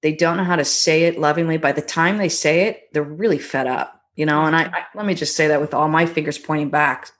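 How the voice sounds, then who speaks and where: A middle-aged woman, a guest on a talk show, telling stories about her marriage in a reflective, gentle way. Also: deep voice, steady tone. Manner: warm, reflective storytelling with gentle pauses. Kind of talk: conversational podcast interview.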